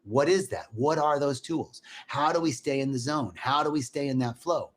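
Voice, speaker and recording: A man giving a conversational, animated spiritual talk in a live stream. He greets viewers by name between points. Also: medium pitch, moderate pace. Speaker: spiritual teacher.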